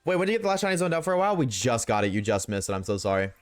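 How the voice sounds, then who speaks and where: A man's voice: mid-range voice, sing-song, very fast, clean tone, no echo, soft background music. A young man streaming a game, chatting casually with his viewers, joking and swearing freely. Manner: profane, joking, talks back to chat. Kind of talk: casual gaming livestream chat.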